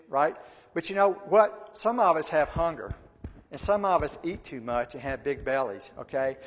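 A man giving a conversational Bible teaching. He often repeats words and asks his listeners questions. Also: medium pitch. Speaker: church teacher. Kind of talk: sermon-style Bible teaching. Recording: long hall reverb.

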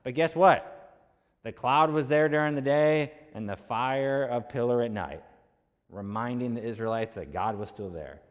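A pastor with a medium-pitched, unhurried voice preaches a sermon in a church sanctuary, and long hall reverb fills the recording. He tells a story conversationally, acting out the voices of the people he quotes.

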